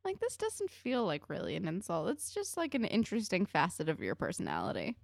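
A woman's voice: medium pitch, huge pitch swings, brisk, gravelly, no echo, studio quality. A woman co-hosting a podcast, musing over a TV episode in casual chat, opinionated and full of fillers. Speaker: podcast co-host.

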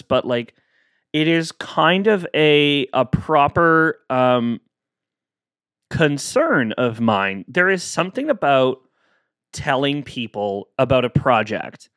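Animated, playful man hosting a podcast. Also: medium pitch, measured pace, no room sound, clean studio sound. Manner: playful, self-talking, acts out both sides of imagined exchanges. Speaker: solo podcast host. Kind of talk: casual solo podcast monologue.

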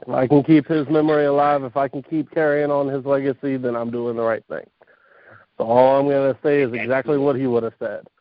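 A man performing spoken word poetry with a slow, rhythmic delivery and chanted refrains, then talking with the hosts. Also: medium pitch, flat delivery, dry recording. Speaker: open mic poet. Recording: dull lo-fi online radio stream.

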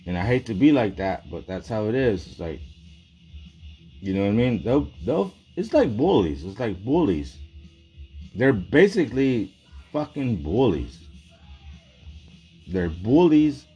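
A man's voice: lowish voice, lively intonation, unhurried, pauses often, warm tone, faint music behind. A man delivering a rambling, profane, agitated monologue in casual talk.

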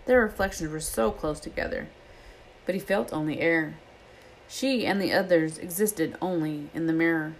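A woman reading a novel aloud as an expressive storyteller. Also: fairly low pitch, a little hiss or hum, low-quality recording. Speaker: reader.

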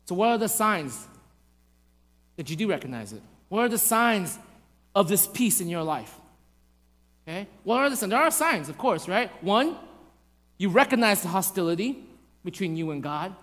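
A man preaching a sermon to his church, asking rhetorical questions and acting out little stories with lively voices. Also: sits high. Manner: animated, acts out voices in anecdotes, rhetorical questions. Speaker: pastor. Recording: long hall reverb.

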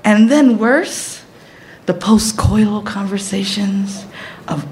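A woman in her thirties telling a personal story, animated and profane, often laughing as she talks. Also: medium pitch, a little slow, a little hiss or hum.

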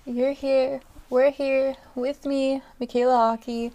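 A woman's voice: high voice, level tone, slow pace, warm tone. A young woman hosting her own podcast in casual solo chat, talking loosely with lots of fillers, frequent laughs and casual swearing, into a podcast microphone. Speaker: podcast host.

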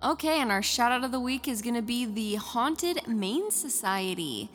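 A woman's voice: on the high side, big pitch swings, moderate pace, a bit bright, a little hiss or hum. A woman co-hosting a paranormal podcast, chatty and casual, with many fillers. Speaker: podcast co-host. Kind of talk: casual chat.

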